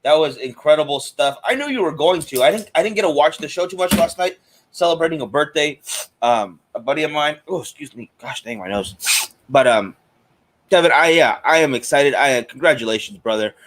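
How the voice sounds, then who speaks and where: A man's voice: on the high side, expressive, brisk, a bit bright. A man hosting a live cigar stream in a chatty, casual way, greeting viewers by name. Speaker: host of a cigar show.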